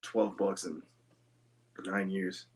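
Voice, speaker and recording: A man guesting on a casual podcast chat, teasing the host in a dry, deadpan way. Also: deep voice, takes it slowly, husky. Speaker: guest voice actor.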